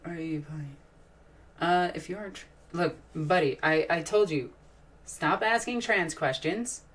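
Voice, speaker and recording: Rambling woman streamer, low voice, distant mic. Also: unhurried, fairly bright tone. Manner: rambling and enthusiastic, with frequent sighs and restarts. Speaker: live streamer answering chat. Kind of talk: casual live-stream chat.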